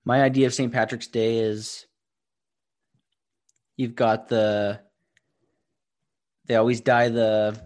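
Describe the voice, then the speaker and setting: A man's voice: mid-range voice, little pitch movement, slow, pauses often, darkish tone. A man co-hosting a podcast, talking in an easygoing conversational way. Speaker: podcast co-host. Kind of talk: casual chat.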